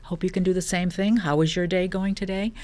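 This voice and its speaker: A middle-aged woman hosts a lifestyle show, chatting casually about self-help with lots of restarts and playful asides. Her voice is fairly low and a bit dark, with a steady tone and a slightly quick pace.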